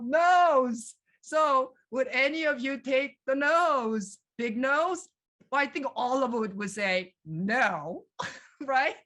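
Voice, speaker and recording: A woman leading a live virtual museum tour over a video call, animated and questioning her audience, reading their answers aloud. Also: a little high.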